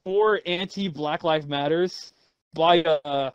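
A man's voice: a little high, takes it slowly, clear, resonant tone, no echo, lo-fi sound. A man reading game reviews aloud with friends over voice chat, laughing and incredulous. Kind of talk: casual voice-chat banter. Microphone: voice chat mic.

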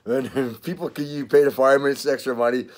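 A man's voice: medium pitch, steady tone, fairly quick, darkish tone. An older man with a Canadian accent, chatting casually in a vlog, rambling, swearing and laughing often. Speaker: vlogger. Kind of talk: casual chat.

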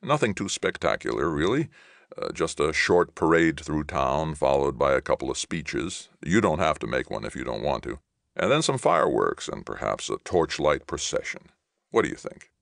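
A man's voice: rumbling low, sing-song, moderate pace, gravelly, fairly bright tone, no room sound, clean studio sound, full character voice. A man reading an audiobook, voicing a friendly, soothing middle-aged mayor. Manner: soothing, jovial politician.

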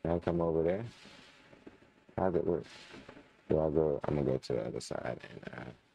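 Young guy with a super deep gravelly voice talking thru his game to the chat, gets annoyed a lot. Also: normal speed, dull audio. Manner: chatty, talks to viewers, frustrated muttering. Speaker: gaming channel host. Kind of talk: casual let's-play commentary.

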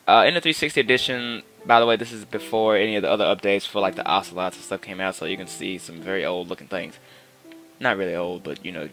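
A man with a low-pitched, fairly bright voice hosts a gaming channel. Using his own microphone, he provides rambling, casual commentary, peppered with fillers and repeated restarts.

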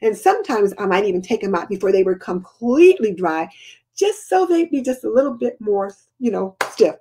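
A woman's voice: mid-range voice, big pitch swings, fairly quick, mellow, husky. An older woman, chatting casually as host of a live homemaking Q&A and answering viewer comments.

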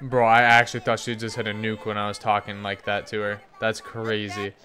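Man, gaming youtuber, excited play-by-play, hyped, cheering. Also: lowish voice, brisk. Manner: hyped, cheering players on by name. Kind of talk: excited game commentary.

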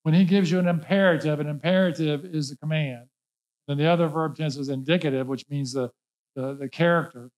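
A man's voice: on the high side, fairly even intonation, a little fast, darkish tone, rough recording. A male pastor preaching a sermon, emphatic and folksy, repeating key words and mixing in casual asides. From Norfolk, Virginia.

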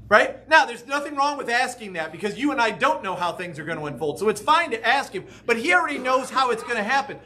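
Male pastor, high and bright voice, chatty sermon delivery. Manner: conversational, animated, keeps asking "right?".

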